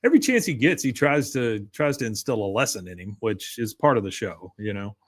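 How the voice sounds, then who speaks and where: A man co-hosting a podcast, casually recapping an episode and acting out characters' lines in a higher voice. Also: expressive, fairly quick. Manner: retells scenes, acting out lines with raised pitch. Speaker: podcast co-host.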